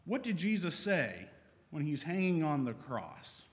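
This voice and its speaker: A man preaches a sermon in an easy, conversational manner, reading scripture aloud as he goes. His voice sits fairly high for a man. The room carries a long, hall-like reverb. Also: big pitch swings, a little slow.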